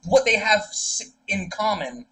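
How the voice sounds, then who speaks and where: A man's voice: high voice, expressive, unhurried, fairly bright tone, rough recording. A young man co-hosting a podcast in casual chat, rambling through stories with many fillers and restarts. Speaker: podcast co-host.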